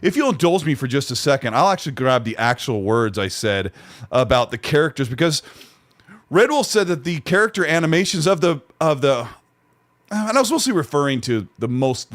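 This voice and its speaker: A man's voice: medium pitch, expressive, a little fast, no echo. A man hosting a casual podcast chat, conversational, at times reading aloud from his notes. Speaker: podcast host.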